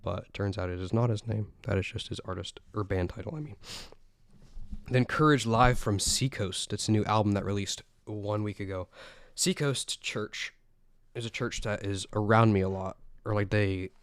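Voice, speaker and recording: A teenage podcast host from South Carolina rambles happily through a music roundup. His voice is low and smooth with little pitch movement. The sound is dry and close. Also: steady tone, moderate pace, no echo. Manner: chatty, rambling, enthusiastic.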